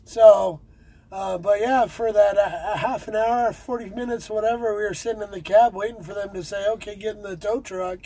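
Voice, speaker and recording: Man, truck driver, casual chat, high voice, rambling with fillers. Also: fairly even intonation, moderate pace, mellow, slightly rough, low-quality recording. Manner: rambling, many fillers and restarts.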